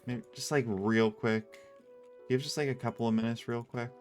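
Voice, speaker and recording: A man livestreams a game with casual chat, rambling through stories, restarting sentences, interrupting himself and laughing often. His mid-range voice has fairly even intonation, a fairly quick pace and a darkish tone. Soft music sits in the background, and he's on earbuds with a headset mic.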